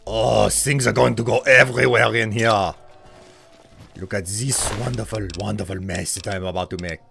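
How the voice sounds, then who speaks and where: Low-voiced man in a put-on French-German accent. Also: fairly even intonation, moderate pace, vocal fry, fairly bright tone. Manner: stiff, formal and playful, avoiding contractions. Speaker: streamer. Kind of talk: casual gameplay commentary.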